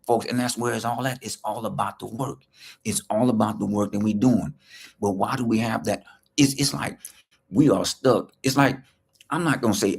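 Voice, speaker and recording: Male life coach, low and husky, preachy livestream delivery with repeated lines. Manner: preachy, repeats key lines, asks rhetorical questions; speaks straight to viewers, greeting them by name. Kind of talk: motivational livestream talk.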